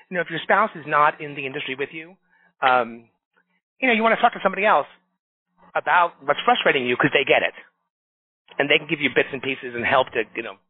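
Animated middle-aged man on a tinny line. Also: on the high side, breathy edge. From New York. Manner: animated storyteller acting out quotes. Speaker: staffing recruiter, association leader. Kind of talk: casual podcast conversation. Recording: tinny phone-like dry sound.

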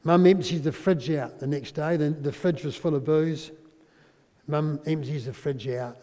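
A New man preaching a sermon in a storytelling way, his voice mellow and pitched a little high for a man. He goes soft and quiet at the tender parts. The sound rings with the long reverb of a big hall. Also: a little slow. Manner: storytelling, drops to a soft, quiet voice at emotional moments. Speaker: pastor.

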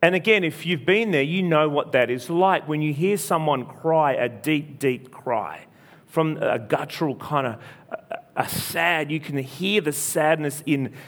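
A man preacher retelling a story in a sermon, speaking earnestly, repeating phrases and restarting often. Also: medium pitch. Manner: earnest, repetitive, frequent restarts.

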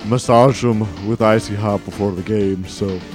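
A man voicing a boastful celebrity basketball star in comedic game role-play, bragging slowly and smugly. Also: on the low side, steady tone, over music, lightly acted. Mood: rambling. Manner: slow, self-satisfied bragging.

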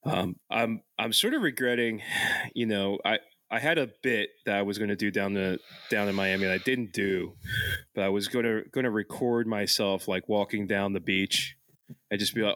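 A man's voice: fairly low pitch, moderate pace, fairly bright tone, no echo, clean studio sound. A young man hosting a casual podcast, who laughs a lot, swears and rambles. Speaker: podcast host.

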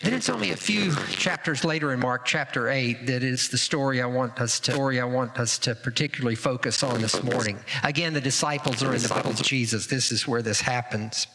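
A man preaching a sermon as pastor, animated and dramatic in retelling the story. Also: fairly quick, few pauses. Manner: animated, acts out quoted voices with rising pitch. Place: church sanctuary. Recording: reverberant hall.

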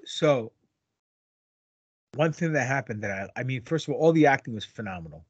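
A man's voice: medium pitch, lively intonation, normal speed, breathy edge, dry recording. Crude, joking man in a dry, dull recording. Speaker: podcast co-host. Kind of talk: casual chat reviewing a TV episode.

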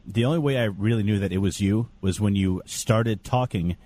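Male podcast co-host, lower pitch, playful and teasing, quick to laugh. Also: darkish tone. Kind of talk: casual podcast chat.

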